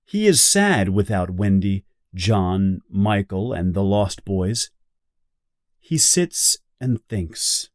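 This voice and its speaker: Slow, deliberate male storybook reader. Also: low voice, no echo, clean studio sound. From Brazil. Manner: clear, deliberate, expressive. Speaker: audiobook reader. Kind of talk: slow graded reader for beginners.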